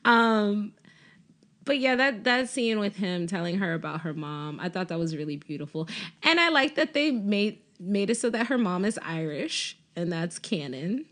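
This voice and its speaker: A woman co-hosting a casual TV recap podcast, animated and quick to laugh, often acting out what the characters said. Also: medium pitch. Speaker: podcast co-host.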